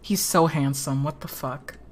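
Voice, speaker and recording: A woman streamer giving casual commentary on a game, swearing often, laughing a lot and reacting loudly to what happens on screen. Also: deep voice, unhurried.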